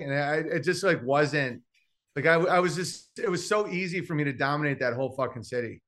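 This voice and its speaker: A man's voice: a little high, brisk, fairly bright tone. A man, a comedian guest on a podcast, telling brash stories in a rambling, filler-heavy way. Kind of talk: casual podcast chat.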